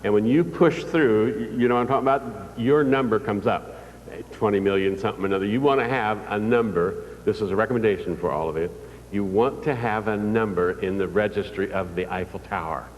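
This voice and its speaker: With a lowish voice and a fairly quick delivery, an older motivational speaker tells folksy stories and quizzes his audience during a live speech in a large hall. The recording is distant and reverberant, with a little hiss or hum.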